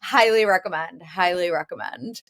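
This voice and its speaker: A woman's voice: lowish voice, lively intonation, normal speed, a bit bright. A woman co-hosting a podcast in casual, upbeat chat. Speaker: podcast co-host.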